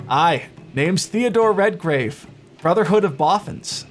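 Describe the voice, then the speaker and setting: Man voicing a chatty, amiable dwarf inventor, game dialogue read aloud, slightly high voice, faint music behind. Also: expressive, takes it slowly. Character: friendly male dwarf inventor.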